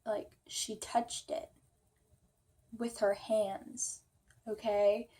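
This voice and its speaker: A woman's voice: mid-range voice, level tone, very slow, dark tone. A young woman telling a storytime vlog, chatty and full of fillers, acting out her own quotes. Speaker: vlogger.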